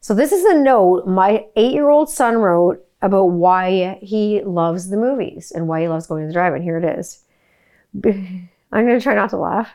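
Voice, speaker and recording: At normal speed and with a medium-pitched voice, this woman in her forties hosts a podcast. Her family story comes out casual and meandering, packed with swearing, filler words and plenty of "like"s, all delivered with animation.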